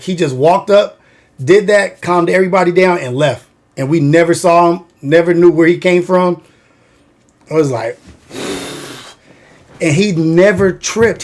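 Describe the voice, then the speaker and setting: A man's voice: fairly high pitch, darkish tone. A man hosting a livestream, telling a story in a rambling, profane way with a constant "like". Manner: rambling, profane, heavy use of "like". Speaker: livestream host.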